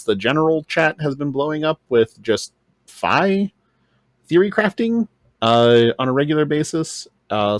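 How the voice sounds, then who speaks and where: A man's voice: medium pitch, no room sound, studio quality. A man co-hosting a podcast in casual chat, rambling and teasing. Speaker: podcast co-host.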